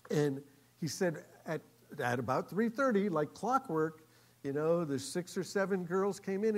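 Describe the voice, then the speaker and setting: A male pastor telling a story in a sermon, acting out the quoted voices, getting loud for the lively parts and dropping soft for the tender ones. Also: a little high.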